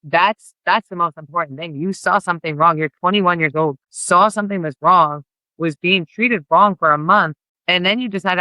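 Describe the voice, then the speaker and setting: Bright, crisp-voiced woman coach. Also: on the low side, no room sound, dull audio. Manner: rapid and earnest, heavy use of "like", with frequent restarts. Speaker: college basketball head coach. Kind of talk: candid podcast interview talk.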